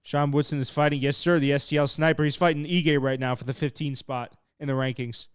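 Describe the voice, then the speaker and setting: Young guy hosting a fight watch-along, slightly high voice, smooth and dry close sound, loose and excitable. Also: brisk, no room sound. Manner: excitable and laid-back, swearing, laughing at chat. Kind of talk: casual live commentary while reading chat.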